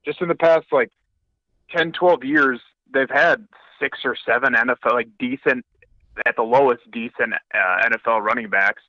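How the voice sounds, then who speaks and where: A man's voice: mid-range voice, normal speed, bright, forceful tone, no echo, dull audio. A man calling in to a sports show, asking a rambling, hesitant question. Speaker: caller. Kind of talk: call-in question.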